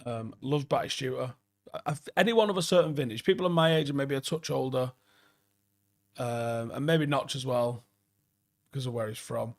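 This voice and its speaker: Man in his forties, gravelly voice, rambling football live-stream host, swears freely, mid pitch. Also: normal speed. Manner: swears a lot, rambling and enthusiastic. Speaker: football YouTuber doing a late-night live stream. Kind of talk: casual live stream chat reading viewer comments.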